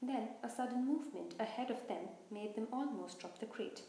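Expressive woman reading a story aloud. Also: on the high side, moderate pace, slight background noise. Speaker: reader. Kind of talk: reading a children's novel aloud. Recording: roomy echo.

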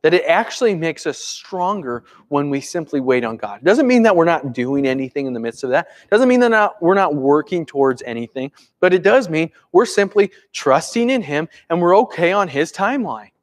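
Animated preacher with a lifted voice. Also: male voice, fairly high pitch, a little fast, hardly any pauses. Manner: animated, swings from urgent to hushed and calm. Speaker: pastor. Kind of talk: conversational sermon.

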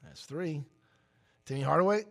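A gravelly voice on the high side, at a moderate pace, comes from a man in his forties co-hosting a radio show. In casual chat he animatedly tells a story, loudly voicing the words of the people in it.

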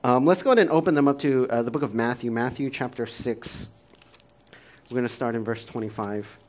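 A man's voice: medium pitch, fairly quick. A man in his thirties, a pastor preaching a sermon in a conversational, self-deprecating way, often laughing and using fillers.

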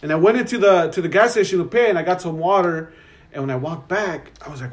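A young man, telling a profane, animated story as a podcast co-host. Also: high voice, fast. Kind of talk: casual storytelling.

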